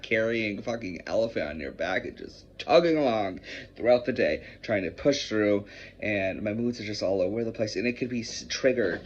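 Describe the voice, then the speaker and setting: A man talking in a personal confessional vlog, emotional and rambling, often swearing. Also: fairly low pitch. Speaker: vlogger. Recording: muffled with faint hiss.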